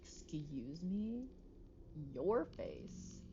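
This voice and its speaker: A woman's voice: on the low side, sing-song, very slow, dark tone, exaggerated voice. Woman reading as a touchy, snippy young man. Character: prickly defensive young man, touchy and sarcastic. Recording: dull lo-fi stream mic with noise.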